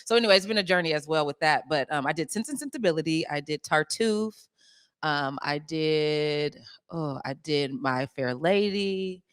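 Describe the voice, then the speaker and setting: A woman in her thirties, a stage actress, chatting in an interview, lively, laughing often and using many fillers. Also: low-pitched, moderate pace, clear, resonant tone, no echo, studio quality. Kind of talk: casual interview chat.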